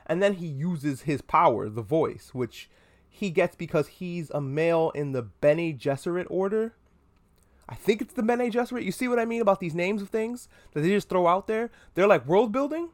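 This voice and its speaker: A man hosting a comedic pop-culture podcast, talking in an animated, profane and self-mocking way. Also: high voice, moderate pace. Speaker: podcast host.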